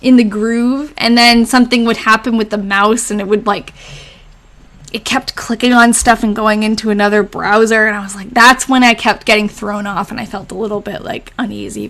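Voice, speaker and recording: This young woman's voice is fairly high and a bit bright. As host of a casual live stream, she reads old diaries aloud, chats with the audience, answers comments, and frequently laughs.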